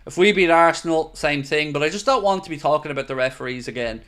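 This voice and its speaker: A man's voice: fairly high pitch, fast talker, a bit bright, smooth. Chatty Irish man hosting a live stream. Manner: chatty, reads out viewer comments, casual swearing. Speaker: watchalong host. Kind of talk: live stream chat reading comments.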